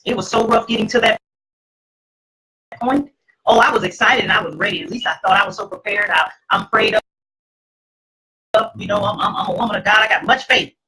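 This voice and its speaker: A middle-aged woman, host, telling her personal testimony to an audience in an emphatic, preacherly way, with a husky voice. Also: medium pitch, wildly swooping pitch, a little fast, long pauses, pushed and bright, poor audio.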